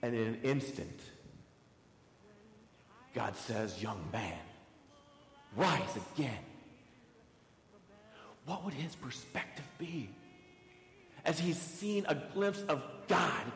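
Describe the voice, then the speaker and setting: Slow, lively-voiced preacher in an echoing church. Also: male voice, a little high, creaky, faint music behind. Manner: asks many rhetorical questions, tells listeners to underline words. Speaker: pastor. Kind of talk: sermon. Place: church sanctuary. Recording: echoey church hall with long reverb.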